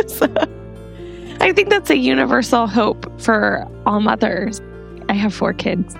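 A middle-aged woman interviewing a guest, gently encouraging and affirming. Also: a little high, sing-song, measured pace, creaky, faint music behind. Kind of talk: warm conversational interview.

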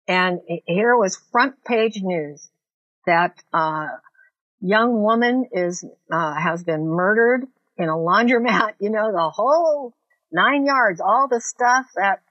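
A woman's voice: mid-range voice, fairly bright tone, no room sound, muffled recording. A woman recounting a frightening personal experience in an earnest, vivid way, with frequent fillers. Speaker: interviewee recounting an assault. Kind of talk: personal storytelling.

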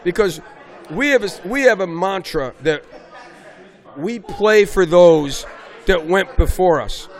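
Middle-aged coach, high-pitched, animated storyteller who punches key words. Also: male voice, takes it slowly, long pauses, a faint crowd. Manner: animated storyteller, raises voice for emphasis. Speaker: basketball coach, guest. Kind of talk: casual interview conversation.

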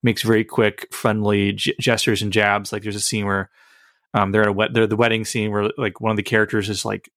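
A man's voice: fairly low pitch, level tone, fast, fairly bright tone, no room sound, clean studio sound. A young man co-hosting a podcast in casual, rambling chat, full of fillers. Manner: rambling, filler-heavy, frequent "like". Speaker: podcast co-host.

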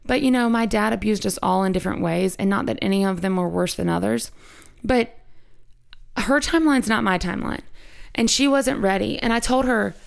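A woman's voice: mid-range voice, a little fast. A woman hosting a podcast, telling a personal story in casual chat, rambling and frank, swearing freely. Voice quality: creaky.

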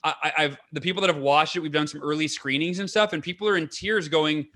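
A man's voice: on the high side, fast talker, bright, forceful tone. A man being interviewed as a guest on a podcast, talking in an earnest, enthusiastic way and often restarting his sentences. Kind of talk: casual interview talk.

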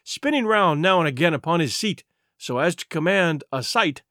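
A man reading a classic adventure story aloud in a measured, expressive way. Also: on the high side, dry recording, clean studio sound. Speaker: audiobook narrator. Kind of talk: storybook narration.

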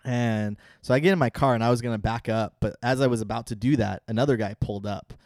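A man's voice: mid-range voice, quick pace, a little mellow, dry recording, studio quality. A young man co-hosting a podcast in an easygoing, laughing way. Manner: laid-back, laughs a lot, says yeah often. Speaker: podcast co-host. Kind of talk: casual banter.

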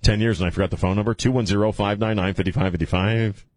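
A man hosts a loose, joking talk radio show, rambling between crude asides and laughs. His voice sits low, and the studio mic sounds dry and close. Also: fairly even intonation, fast talker, darkish tone, no echo.

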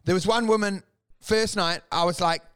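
Comic, high voice, profane, exasperated storyteller on a casual podcast. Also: male voice, fairly even intonation, moderate pace, a bit bright, clean tone. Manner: profane, exasperated, acts out quoted people in raised voices. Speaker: stand-up comedian telling stories.

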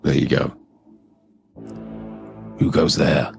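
A man's voice: extremely low pitch, little pitch movement, slow, vocal fry, a little mellow, soft background music. A man co-hosting a movie watchalong, chatting casually and laughing often. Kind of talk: casual chat over a film.

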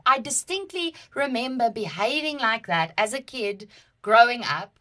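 A South African woman co-hosting a casual podcast, her voice sitting a little high with a bright, forceful edge. She tells her stories dramatically and with lots of animation. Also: lively intonation, normal speed. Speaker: podcast co-host. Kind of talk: casual chat, personal storytelling.

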